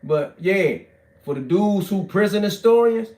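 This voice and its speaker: Loud, profane man with a high voice. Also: lively intonation, a little slow. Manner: loud and profane, swinging from shouts to low mutters. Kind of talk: animated street storytelling.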